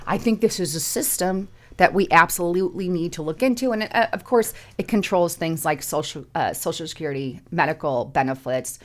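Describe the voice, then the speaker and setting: A woman's voice: lowish voice, fairly quick, few pauses. A middle-aged woman hosting casual political commentary, emphatic, repeating words and rising sharply to stress points.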